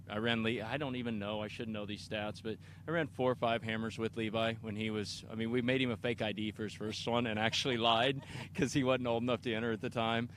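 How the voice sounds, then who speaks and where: A middle-aged man from Kansas talks about his racing in a casual interview, eager and rambling, often restarting his sentences. His voice sits on the low side, and faint vehicle noise hums behind him at the outdoor race park. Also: a bit bright. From Kansas, USA. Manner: enthusiastic, rambling, many restarts. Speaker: off-road racer being interviewed.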